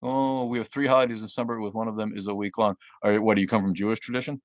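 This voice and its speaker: Speaking very fast in a steady, lowish voice, a male livestream host reads comments from viewers and gives blunt, sardonic replies, peppered with fillers and laughs. The sound is clean studio audio with no room ambience.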